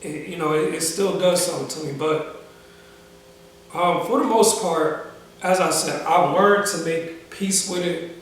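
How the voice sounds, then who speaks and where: A man's voice: a little high, recorded from a distance, slight background noise. Emotional young man in a roomy echo. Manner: slow, halting and emotional, with many pauses and restarts; casual slang-filled speech. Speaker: vlogger. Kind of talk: personal storytime vlog.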